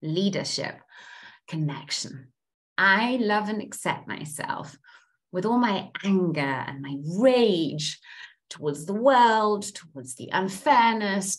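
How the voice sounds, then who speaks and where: A woman coach leading a group through tapping, speaking repeated affirmations in a slow, chant-like way. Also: medium pitch, big pitch swings.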